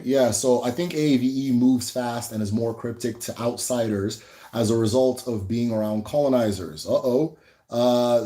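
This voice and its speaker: Man, mellow dark voice, casual livestream lesson, loose, repetitive, chuckling. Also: medium pitch. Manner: loose and conversational, laughs often, repeats words for emphasis. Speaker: Igbo language teacher.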